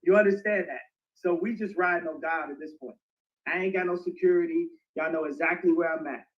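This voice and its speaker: High-pitched man, laughing storyteller, dull lo-fi audio chat. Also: brisk. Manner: rambling, breaks into fits of laughter. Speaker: interview guest.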